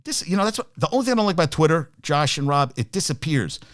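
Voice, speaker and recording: Animated, profane sports talk host. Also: male voice, a little high, quick pace, dry recording, clean studio sound. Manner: profane, jokey, rambling, reads viewer comments aloud. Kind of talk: casual live-stream sports chat.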